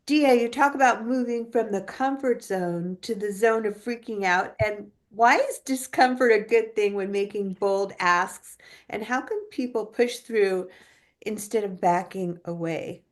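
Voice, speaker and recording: A woman's voice: mid-range voice, a little slow. A woman hosting a podcast who is upbeat and affirming as she welcomes and questions her guest. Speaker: podcast host. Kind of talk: conversational interview.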